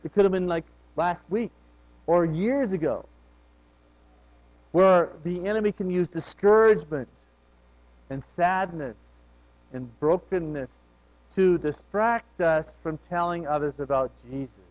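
A man's voice: unhurried, pauses often. Man preaching a sermon, lo-fi recording. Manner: conversational preaching with swings in loudness and pitch. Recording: dull lo-fi recording.

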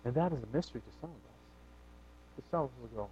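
A man's voice: expressive, fast, pauses often, slight background noise. Man preaching a sermon, lo-fi recording. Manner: conversational preaching with swings in loudness and pitch. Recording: dull lo-fi recording.

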